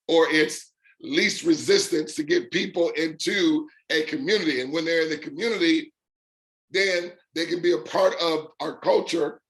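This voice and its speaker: A man hosting a live talk for his online business community, emphatic and repeating points in punchy lists, with drawn-out stresses on key words. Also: a little high, a bit bright.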